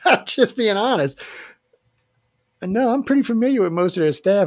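A man's voice: high-pitched, lively intonation, moderate pace, no room sound. A man hosting a casual radio show, joking and rambling with filler restarts. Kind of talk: casual live radio chat.

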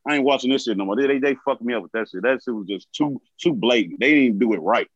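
A man who is a regular on a talk show, ranting in casual, profane chat that flares into shouts. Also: mid-range voice, fast talker, no echo, muffled recording. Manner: profane, animated, rising to shouts. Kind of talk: heated casual rant.

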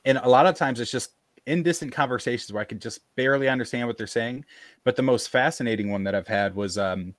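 A man telling a personal story in casual conversation, halting and full of fillers and restarts, on a video call. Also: mid-range voice, dry recording, studio quality. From American South, Appalachia. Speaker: podcast guest.

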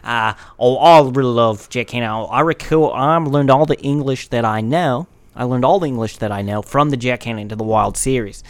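A boastful, goofy Australian wildlife showman, as a man puts him on, rambling on and calling everyone "mate". The voice sits a touch higher and livelier than an everyday one. It is recorded close and dry, with no room sound. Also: brisk, few pauses, no echo, natural voice. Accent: put-on Australian. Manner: rambling, self-mocking, tossing in "mate".

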